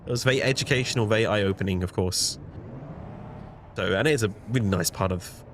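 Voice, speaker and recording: A man's voice: fairly low pitch, a little fast, fairly bright tone, a little hiss or hum. A man co-hosting a casual livestream, a little sick, chatting directly to his viewers. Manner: chatty, addresses chat directly. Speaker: streamer co-host.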